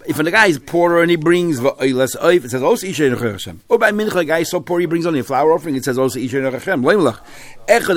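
A man teaching a Talmud class, weaving Hebrew terms into his English with halting restarts. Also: mid-range voice.

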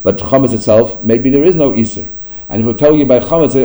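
A man leads a Talmud class at a brisk clip, rattling through arguments with frequent restarts. His voice is very dark and mellow, with an everyday mid-range pitch. He mixes Aramaic terms into his English explanations. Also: expressive, low-quality recording. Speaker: Talmud teacher.

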